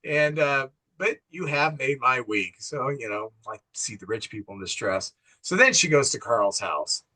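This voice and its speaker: A man's voice: mid-range voice, animated, moderate pace, sharp tone. A middle-aged man co-hosting a casual movie recap, acting out the film's dialogue in quoted voices and laughing at his own jokes. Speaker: co-host, father.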